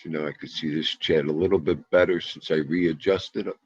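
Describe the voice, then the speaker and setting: A man's voice: a bass voice, steady tone, a little fast, slightly rough, no echo. A man in his fifties hosting a casual livestream, greeting viewers one by one and joking around. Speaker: livestream host. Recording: dull lo-fi livestream audio.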